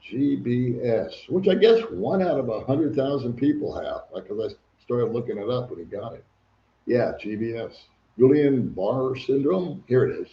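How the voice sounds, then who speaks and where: A man's voice: medium pitch, animated, normal speed. An older man hosting a casual livestream, chatting and reading viewer comments aloud. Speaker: livestream host. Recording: echoey room, dull lo-fi sound.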